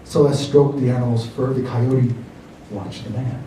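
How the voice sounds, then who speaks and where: A man, an author, reads his own fiction aloud at a library event in a measured, expressive storytelling manner. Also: mid-range voice. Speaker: author reading his work. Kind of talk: live reading of fiction. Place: library reading room. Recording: roomy hall from far off, faint noise.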